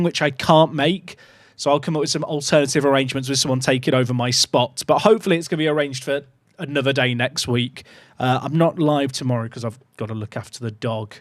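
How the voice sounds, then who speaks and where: A man hosting a casual livestream, sleep-deprived, cooing softly at a puppy and chatting upbeat with viewers. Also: a little high. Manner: coos softly at a puppy, then chats upbeat with his viewers. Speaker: livestream host.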